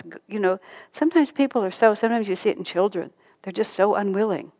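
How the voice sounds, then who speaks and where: A woman's voice: medium pitch, a little fast, a little mellow. An older woman giving an informal spiritual talk, telling stories with frequent laughter and acting out the voices of people she quotes. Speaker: spiritual teacher.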